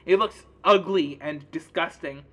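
Game master, man: high, bright, casual narration full of fillers. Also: measured pace, muffled recording. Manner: casual, many fillers, describes scenes.

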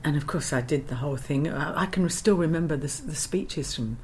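A woman's voice: low-pitched, brisk, a little hiss or hum. A woman from London, an actress telling stories in a casual interview and acting out the lines she quotes. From London, England. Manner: animated anecdotal storyteller, acts out quoted lines.

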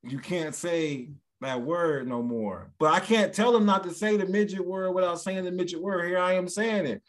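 Animated man, hosting a podcast chat. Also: moderate pace. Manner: animated, slips into high put-on voices for quoted people. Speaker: podcast co-host; stand-up comedian. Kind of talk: casual chat.

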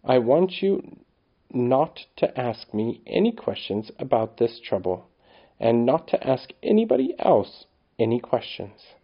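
Guy doing a tired mom, soft and low, gentle but worried, bit of a muffled sound. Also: very animated, a little slow, breathy edge, full character voice. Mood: firm. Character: worried loving mother, tired and tender.

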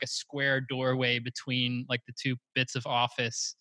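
Bright-voiced, chatty man. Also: medium pitch, completely flat delivery, moderate pace, no echo. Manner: chatty and laughing, rambling storyteller. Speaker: podcast co-host. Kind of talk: casual chat. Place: office with arched windows.

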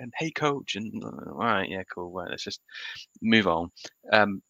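A man's voice: low-pitched, steady tone, moderate pace, bright, forceful tone, no echo, low-quality recording. A man co-hosting a podcast, talking casually and animatedly about football picks, often restarting his sentences. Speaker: podcast co-host. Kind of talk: casual sports chat.

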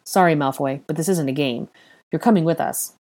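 A woman's voice: low-pitched, a little fast, a little mellow, natural voice. A woman reading aloud, voicing a blunt young wizard investigator who speaks firmly and presses for answers. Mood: stern. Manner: firm, blunt and demanding.

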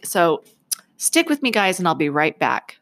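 A woman's voice: fairly low pitch, very animated, unhurried, over loud music. A woman in her forties telling a story to camera in a chatty way, laughing often and acting out the voices in it. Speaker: vlogger.

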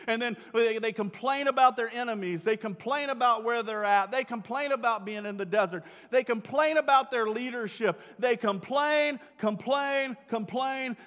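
Male pastor, high voice, animated sermon delivery that acts out quotes; church recording with long reverb.

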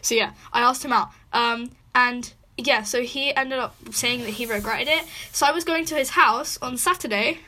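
A teenage girl, hosting a casual chat and animatedly retelling a text conversation. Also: a little high. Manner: fast, animated storytelling. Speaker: podcast host. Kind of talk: casual chat, reading out texts.

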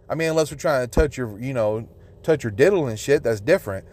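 A young man with a drawl hosting a solo podcast rant, swearing nonstop and sounding outraged and emphatic. His voice sits a little higher than most men's, and he keeps up a crude, indignant tone throughout. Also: very animated, a little fast, darkish tone. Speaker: podcast host.

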